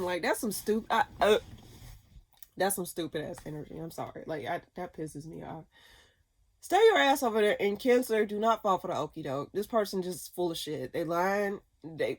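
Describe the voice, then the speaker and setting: A woman doing a casual tarot reading, blunt and profane, given to ranting. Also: on the low side. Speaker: tarot reader.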